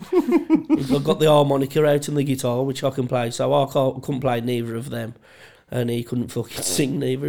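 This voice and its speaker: A man's voice: medium pitch, creaky, a little mellow. A man telling sweary, laughing anecdotes as a podcast co-host in casual chat.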